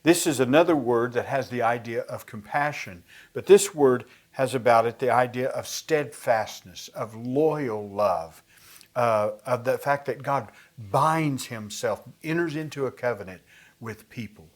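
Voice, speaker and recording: A man's voice: medium pitch, measured pace. A man teaching a Bible study lesson, explaining words in a conversational way and reading scripture aloud with emphasis.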